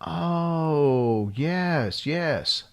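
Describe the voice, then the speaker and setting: A man's voice: on the high side, expressive, drawn-out words, vocal fry, no echo, studio quality. A man hosting an interview, mostly giving short prompts and follow-up questions. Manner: brief prompting replies. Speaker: host.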